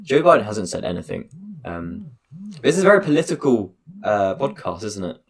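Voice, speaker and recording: Young male podcast host, deep voice, hesitant casual chatter. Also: big pitch swings, normal speed, gravelly, breathy edge. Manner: rambling, hesitant, laughing often. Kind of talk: casual chat.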